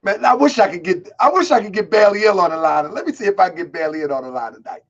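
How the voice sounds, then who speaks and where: A man from Baltimore hosting a live online show, talking loud, boisterous and streetwise, calling people out. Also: high-pitched, animated, fast talker, lo-fi sound. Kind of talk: casual live-stream talk.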